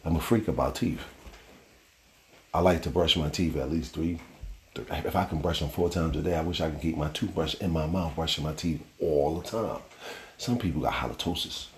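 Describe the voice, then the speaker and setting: A man's voice: rumbling low, moderate pace, roomy sound, slight background noise. A man hosting a casual solo podcast, telling stories in a loose, rambling way with slang and the odd curse. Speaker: podcast host.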